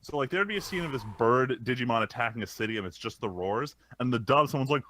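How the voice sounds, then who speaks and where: A man's voice: medium pitch, expressive, fast talker, bright, forceful tone. A man co-hosting a casual podcast, ranting and explaining at length with some swearing. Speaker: podcast co-host. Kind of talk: casual chat.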